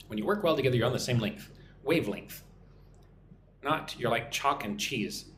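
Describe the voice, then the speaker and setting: A man's voice: mid-range voice, expressive, normal speed, fairly bright tone, roomy sound, a little hiss or hum. A man from Texas with a mild Texan accent, teaching English on a live stream and reading viewer comments aloud in a chatty way. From Texas, USA.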